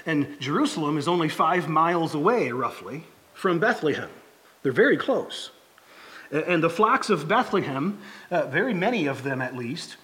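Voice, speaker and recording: Halting, conversational male pastor. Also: a little high. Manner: conversational, halting, many restarts and fillers. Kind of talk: sermon.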